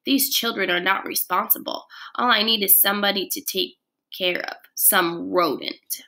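A woman's voice: medium pitch, fairly even intonation, pushed and bright. A woman voicing a stern, grumpy middle-aged woman teacher who speaks in a clipped, grumbling way. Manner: clipped, grumbling, slow and menacing when angry.

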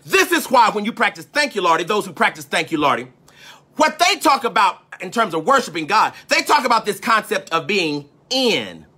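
A man preaching a spiritual lesson in a sermon cadence, calling out to his listeners and breaking into shouts and sung phrases. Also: high-pitched, very animated, moderate pace, slight background noise. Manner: call-and-response, rising into shouts and sung phrases. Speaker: preacher and teacher.

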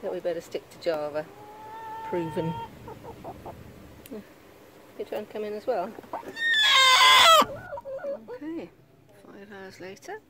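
Woman, chicken keeper, coos to her birds in a slow, very sing-song voice; outdoor take, clucking hens behind. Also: medium pitch, big pitch swings, background noise. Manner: soft, doting, talks to the birds. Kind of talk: cooing chat to hens and chicks. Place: outdoor hen coop. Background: clucking hens and cheeping chicks.

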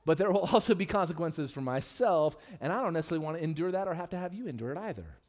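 Candid, joking male pastor preaching. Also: racing. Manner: candid and humorous, with lively swings in pitch and loudness. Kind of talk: sermon. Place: church sanctuary.

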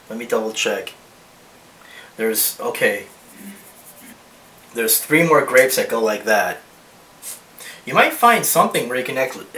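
A man's voice: medium pitch, bright, forceful tone. A man talks through a charcoal drawing demo as he works. He thinks aloud and rambles, often restarting his sentences. He sits back from the microphone in a roomy space, with a faint hiss under his voice. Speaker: art teacher. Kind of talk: drawing demonstration. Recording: roomy echo, mic at a distance, faint hiss.

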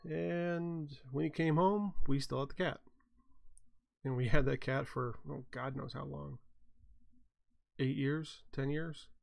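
A man's voice: on the high side, fairly even intonation, slow, vocal fry, pauses often, darkish tone. A tired man hosting a casual chat, telling rambling stories with a wry, self-mocking humor. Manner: rambling, wry, chuckles at his own mishaps. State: tired, yawning. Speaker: blacksmith hosting a chat show. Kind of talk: casual storytelling.

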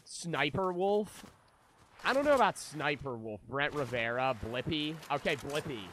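Man, live game streamer, slightly high voice, bright tone, profane casual rambling. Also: expressive, unhurried, slight background noise. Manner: profane, rambling, talks to chat. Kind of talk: casual gameplay chatter with viewers.

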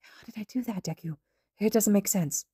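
A woman's voice: mid-range voice, moderate pace, warm tone, no echo, studio quality, voice pushed up, natural voice. A woman voicing a frightened teenage girl with a shapeshifting power, pleading and full of self-loathing in a storybook reading. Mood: bewildered.

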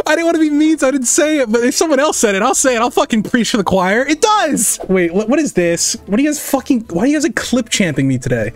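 A young man hosting a casual live art stream. His voice sits high and moves a great deal as he reads chat aloud and argues back, cursing freely. His talk is loose and full of fillers. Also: sing-song, brisk, faint music behind. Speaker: streamer and digital artist.

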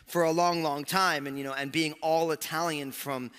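Animated New pastor in a big hall. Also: male voice, a little high, moderate pace, clean tone. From New Jersey, USA. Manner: animated, joking, lots of fillers. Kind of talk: storytelling sermon. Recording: long hall reverb.

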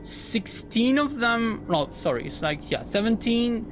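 Rambling, filler-heavy game master. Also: male voice, extremely high pitch, very animated, unhurried, noisy background. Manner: rambling, searching for words with many fillers. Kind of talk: narrating a tabletop game.

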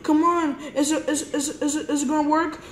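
A woman improvising a toy play story, stammering and repeating words as she jumps between excited squeals and soft, sleepy lines. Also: high voice, moderate pace, roomy sound, low-quality recording.

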